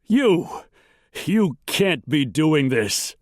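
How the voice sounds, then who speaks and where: A man's voice: sing-song, drawn-out words, no room sound, exaggerated voice. A man voicing a wounded carpetbagger who gasps and pleads in panic. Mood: panicked pleading. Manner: gasping, shrill and panicked. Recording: dry close recording.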